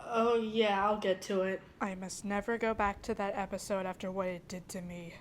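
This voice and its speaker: A woman's voice: medium pitch, fairly even intonation, normal speed, a little hiss or hum. A woman narrating a casual, sarcastic cartoon review as the channel host. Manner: snarky, sarcastic.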